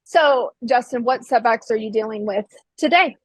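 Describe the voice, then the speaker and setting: A woman's voice: fairly high pitch, normal speed, slightly rough, no echo, low-quality recording. A woman co-hosting a casual podcast, blunt and teasing with her co-host.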